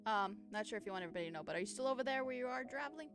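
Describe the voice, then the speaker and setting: A woman gaming streamer doing chatty, excitable commentary, often laughing. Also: on the high side, very fast, over music. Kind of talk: live game commentary.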